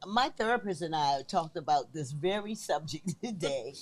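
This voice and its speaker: An older woman guest, speaking earnestly and slowly in a casual group chat. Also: deep voice, lively intonation.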